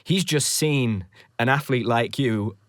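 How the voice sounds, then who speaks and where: A British man hosts a podcast in a relaxed, conversational tone. He reflects on his own past before putting questions to his guest. His voice sits mid-range and is recorded close and dry. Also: mid-range voice, takes it slowly, no echo. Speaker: podcast host. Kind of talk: casual interview chat.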